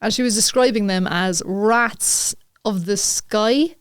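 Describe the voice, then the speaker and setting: A woman's voice: mid-range voice, slow, clean tone, dry recording, studio quality. Irish woman, young adult, podcast co-host, rambling storyteller, laughs a lot. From Ireland. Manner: rambling, laughs often, acts out her own thoughts. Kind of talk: casual storytelling chat.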